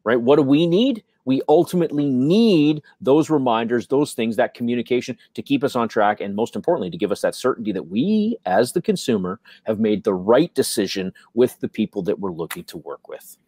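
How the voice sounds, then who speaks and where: A man's voice: mid-range voice, very animated, brisk, few pauses, warm tone, husky, dry recording. A man co-hosting a business chat, emphatic and motivational, asking rhetorical questions and often tagging on "right?". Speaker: podcast co-host.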